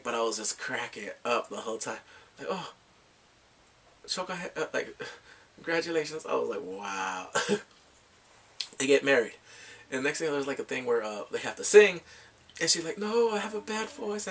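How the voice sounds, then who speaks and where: Speaking as a movie reviewer, a man casually recaps a film's plot, animated and laughing often as he acts out quotes in squeaky voices. The mic sounds distant.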